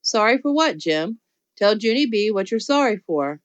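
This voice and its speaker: A woman's voice: mid-range voice, animated, normal speed, dull audio, close to an everyday voice. A woman voicing a stern male school principal in an audiobook, asking firm, probing questions. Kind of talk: audiobook character voice.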